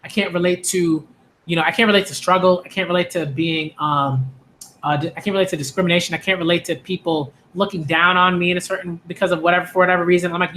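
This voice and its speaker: With a little hiss or hum in the background, the young host talks at a quick pace in a high, bright, forceful voice. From Hollis, Queens, New York, he rambles casually to camera about anime and manga, using lots of "like" and "um" and restarting often.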